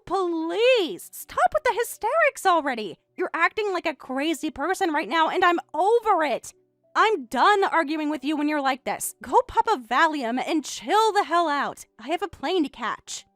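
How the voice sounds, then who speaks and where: A woman's voice: very high voice, very animated, measured pace, fairly bright tone, no echo, faint music behind, full character voice. A woman voicing a bratty young adult daughter who answers with snippy, eye-rolling retorts in a text-message story.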